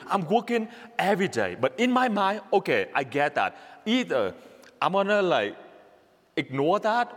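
A man from Vietnam with a Vietnamese accent, a priest giving a homily in an earnest, repetitive way, laughing at himself now and then. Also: high voice. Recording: long reverb of a church hall.

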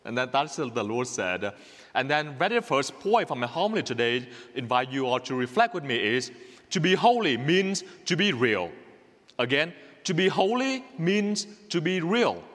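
Vietnamese-accented priest giving a lively homily. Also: male voice, on the high side, normal speed. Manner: earnest, repetitive, laughing at himself. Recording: long reverb of a church hall.

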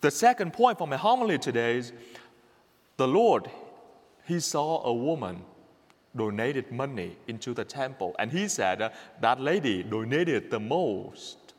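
A man's voice: medium pitch, big pitch swings, normal speed, long pauses. A man from Vietnam with a Vietnamese accent, a priest giving a homily in an earnest, repetitive way, laughing at himself now and then. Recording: long reverb of a church hall.

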